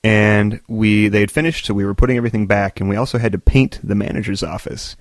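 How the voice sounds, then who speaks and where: A man's voice: lowish voice, steady tone, quick pace, dry recording, studio quality. A man hosting his own podcast, rambling through stories with self-deprecating jokes. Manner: self-deprecating, joking, meandering. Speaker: podcast host. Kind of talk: rambling solo podcast monologue.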